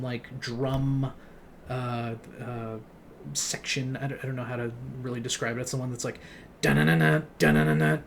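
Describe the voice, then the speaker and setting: A young man casually reviewing an album, relaxed and rambling, with many fillers and laughs. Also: medium pitch, slight background noise. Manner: relaxed, lots of ums and likes, laughs often. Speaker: music vlogger.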